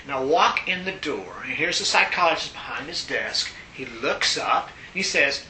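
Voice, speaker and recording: Older man, bright lively storyteller. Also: normal speed. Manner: animated, laughs often while telling stories. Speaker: interviewee. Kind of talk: casual storytelling. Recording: roomy echo, faint rumble.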